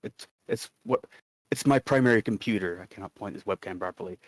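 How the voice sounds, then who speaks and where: A man's voice: lowish voice, a little fast, no echo. A man co-hosting a livestream in casual chat, rambling and reading chat messages aloud. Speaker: stream co-host.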